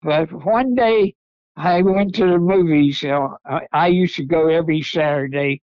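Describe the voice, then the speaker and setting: A man's voice: a little high, moderate pace, clear, resonant tone, no echo, highs cut off. An older man, a podcast guest, telling rambling folksy stories about his past. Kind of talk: storytelling interview.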